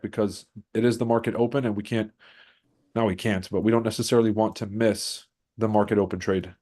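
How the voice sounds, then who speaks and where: A man's voice: mid-range voice, a little mellow. Stuffed-up male streamer, brash hype-man host of a casual trading stream. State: stuffed-up nose. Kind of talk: casual livestream commentary.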